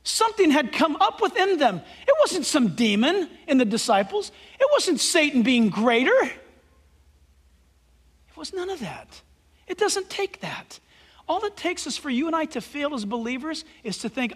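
A male pastor preaching a sermon, emphatic and swinging between loud declarations and hushed asides. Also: extremely high pitch, animated, normal speed. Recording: long hall reverb.

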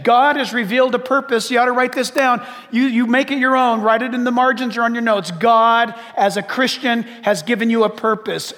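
High-voiced preacher with a long hall reverb. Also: male voice, a bit bright. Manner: emphatic, rhetorical questions, repeats "listen". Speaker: pastor. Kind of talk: sermon.

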